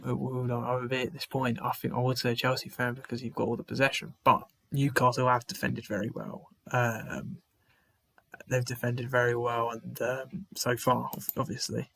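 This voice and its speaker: A man's voice: mid-range voice, level tone, normal speed, gravelly, a bit bright, dry recording. A man hosting a live football watchalong stream, chatting to viewers in the chat by name, sighing often and restarting his phrases. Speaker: livestream host. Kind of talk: live match watchalong commentary.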